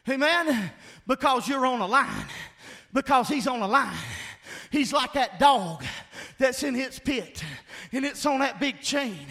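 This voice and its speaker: A man preaching a sermon, emphatic and call-and-response, often shouting his points. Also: very high-pitched.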